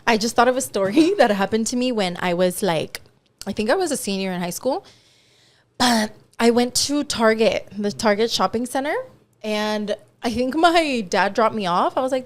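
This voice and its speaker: A woman's voice: a little high, moderate pace. A woman co-hosting a podcast, telling a story in casual chat and acting out the people in it. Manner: animated storyteller, acts out the other people in her tale. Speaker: podcast co-host.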